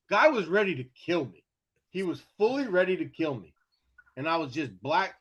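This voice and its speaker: A man co-hosting a sports podcast, telling a story in casual chat, animated and profane, often laughing as he goes. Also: fairly high pitch, normal speed, slightly rough. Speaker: podcast co-host.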